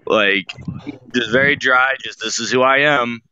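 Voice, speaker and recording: A man's voice: mid-range voice, a little slow, bright, forceful tone, clean tone, dry recording, lo-fi sound. A man speaking casually and hesitantly as a guest on a video call. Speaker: panel guest.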